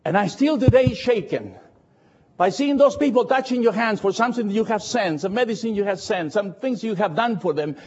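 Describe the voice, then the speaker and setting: A man preaching a sermon in English, slow and emphatic, repeating phrases for effect. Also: high-pitched, expressive, darkish tone, muffled recording. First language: Spanish.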